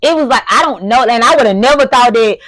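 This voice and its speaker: Woman host, rapid rambling delivery, slightly high voice, dry close sound. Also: lively intonation, fairly bright tone, dry recording. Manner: talks fast, trails off and restarts, voice rises when upset. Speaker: podcast host. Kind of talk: emotional casual chat.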